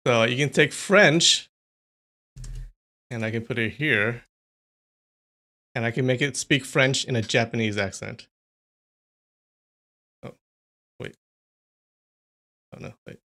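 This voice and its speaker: A man's voice: mid-range voice, takes it slowly, long pauses, sharp tone. Chatty man hosting a live stream. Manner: chatty, amused, talks to chat. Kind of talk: casual live-stream chat.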